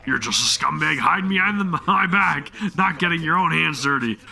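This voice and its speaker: A man's voice: fairly high pitch, lively intonation, moderate pace, creaky, faint music behind, full character voice. A man voicing a hot-tempered, scornful gang boss while reading game dialogue aloud. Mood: angry, shouting. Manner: shouting, sneering.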